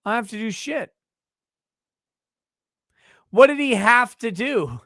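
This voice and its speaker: A man with a high-pitched voice delivers angry, sarcastic running commentary. He swears freely and jumps between scorn and argument. The sound is dry and close. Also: lively intonation, slow, long pauses, sharp tone, dry recording. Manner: heated, sarcastic, profane. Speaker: commentator reacting to a hearing.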